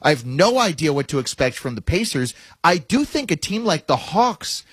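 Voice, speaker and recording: A man hosting a sports talk show, animated and wry, thinking out loud about teams. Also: on the high side, moderate pace, husky, no room sound. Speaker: sports radio host.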